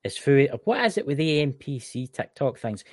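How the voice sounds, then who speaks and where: A man's voice: mid-range voice, very animated, fairly quick, darkish tone, no room sound, studio quality. A Scottish man co-hosting a podcast, chatting casually in a rambling, joking way. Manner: rambling, swearing, banter. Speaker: podcast co-host. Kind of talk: casual chat.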